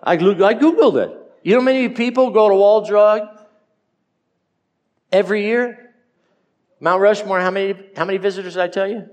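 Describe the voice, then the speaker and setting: A man's voice: high voice, normal speed, pauses often, darkish tone. Folksy joking male pastor preaching. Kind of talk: sermon.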